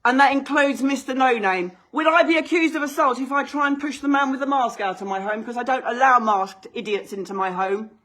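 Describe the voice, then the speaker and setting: A woman with a high, slightly bright voice speaks fairly quickly with hardly a pause as she argues indignantly and sarcastically with police and bailiffs. The heated confrontation is filmed indoors in the hallway and kitchen of her own house.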